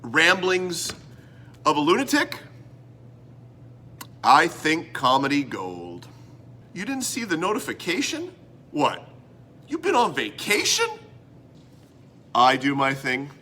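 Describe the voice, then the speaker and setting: Bright, animated man from Canada hosting a comedy show, loud bits and mumbled asides. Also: a little high, takes it slowly, long pauses. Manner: theatrical, self-mocking, swings between loud and mumbled. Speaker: host. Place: indoor room.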